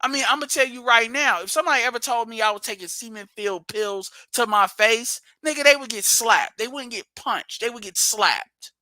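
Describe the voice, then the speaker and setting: A man's voice: very high voice, a little fast, hardly any pauses, sharp tone, no echo. A man hosting a livestream, ranting bluntly and profanely and hammering his points through repetition. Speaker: livestream host.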